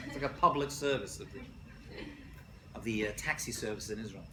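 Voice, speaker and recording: A man, a rabbi, giving a jokey, animated lecture to college students and asking them questions. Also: mid-range voice, fast talker, reverberant, noisy background. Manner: jokey, asks the class questions.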